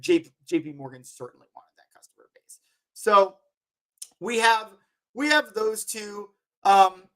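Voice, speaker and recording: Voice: mid-range voice, a bit bright. A company head hosting a weekly markets show in an easygoing, unscripted way. The talk wanders and keeps stalling on filler words before each point lands. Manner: rambling, heavy with "like" and "um" fillers.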